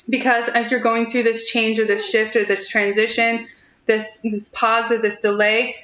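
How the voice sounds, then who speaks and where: Young woman doing a live tarot reading, giggly and reassuring, kinda high voice, echoey room. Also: a bit bright, lo-fi sound. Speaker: tarot reader.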